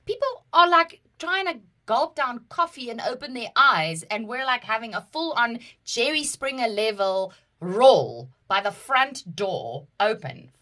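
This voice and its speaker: A South African woman co-hosting a casual podcast, her voice sitting a little high with a bright, forceful edge. She tells her stories dramatically and with lots of animation. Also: lively intonation, unhurried, few pauses. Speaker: podcast co-host. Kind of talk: casual chat, personal storytelling.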